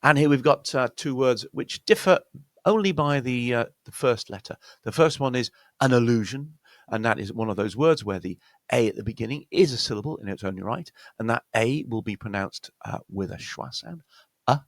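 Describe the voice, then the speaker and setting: A man's voice: medium pitch, expressive, normal speed, no echo. A man with a British accent giving a pronunciation lesson as an accent coach, explaining step by step and often checking in with "yeah?".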